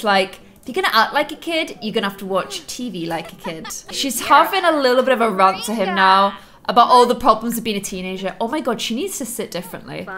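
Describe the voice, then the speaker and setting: A young woman talks through her gameplay in a bright, high voice that swings up and down constantly. She gasps, teases and scolds the characters on screen like a fond onlooker. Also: a little fast. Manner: animated, gasping, teasing asides to players. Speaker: let's play host. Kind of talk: casual gameplay commentary.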